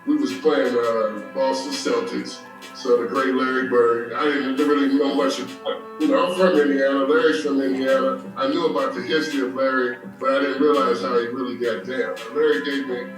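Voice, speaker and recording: A man tells a candid story in a relaxed, conversational way. The clip is heavily echoey, with clear music underneath. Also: medium pitch, normal speed. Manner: candid, says "man" a lot. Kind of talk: casual storytelling.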